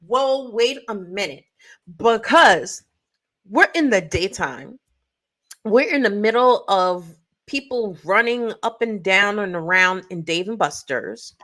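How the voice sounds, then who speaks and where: A woman co-hosting a chatty podcast, her voice higher than most and bright, almost sharp. She talks slowly and tells stories with animated sound effects and quoted asides. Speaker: podcast co-host. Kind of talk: casual storytelling chat. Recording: live stream call audio.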